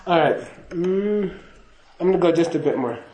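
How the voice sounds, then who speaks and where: A man's voice: a little high, animated, moderate pace, dark tone, roomy sound, slight background noise, low-quality recording. A man giving a casual spoken teaching to a class, chatty and laughing, often checking in with "okay?". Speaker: Buddhist teacher.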